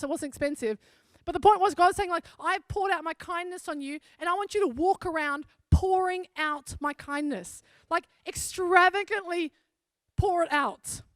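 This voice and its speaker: High-voiced woman preaching a story. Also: no room sound. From South Africa. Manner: storytelling, conversational and earnest. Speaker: pastor. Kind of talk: sermon.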